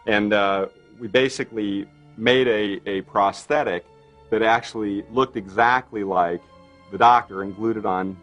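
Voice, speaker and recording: A man, a makeup effects artist, tells a behind-the-scenes story in an animated way, full of "you know" and "right?". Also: fairly low pitch, measured pace, faint music behind. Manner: animated storyteller, acts out others' lines, many fillers. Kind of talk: interview anecdote.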